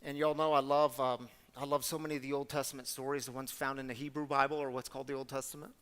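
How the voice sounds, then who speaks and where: A man serving as guest storyteller, delivering a sermon-style story in an animated, conversational way and speaking directly to the audience. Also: mid-range voice, fast, long reverb tail.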